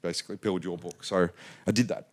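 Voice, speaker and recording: A man in his forties from Australia, a business guest telling lively anecdotes in a casual interview and acting out quoted lines. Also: low voice, fast. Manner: animated anecdotal, acts out quotes.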